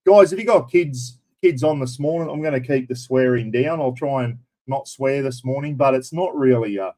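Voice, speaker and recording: A man's voice: medium pitch, moderate pace, dark tone. Australian male streamer, casual and blunt, mid-range voice, chats with his audience. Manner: blunt and chatty, mild swearing, addresses viewers as everyone and mate. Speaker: live stream host. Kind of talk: casual live-stream chat.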